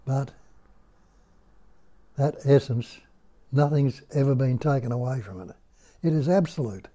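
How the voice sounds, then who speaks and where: An older man with an Australian accent, giving a slow, musing spiritual talk at home and putting rhetorical questions to his listeners. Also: mid-range voice, animated, dark tone. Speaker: spiritual teacher. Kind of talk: unhurried nondual teaching talk. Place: indoor room at home.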